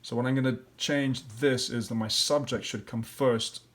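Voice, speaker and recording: A man's voice: medium pitch, fairly even intonation, normal speed. Guy teacher going over a worksheet, sounding out letters and syllables. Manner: thinks aloud step by step. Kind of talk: classroom lesson walkthrough.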